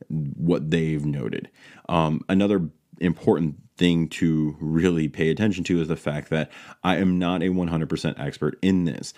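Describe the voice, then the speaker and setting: A man's voice: extremely low pitch, a little mellow. A man hosting a solo educational podcast, explaining in an earnest way and correcting himself as he goes. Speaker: podcast host.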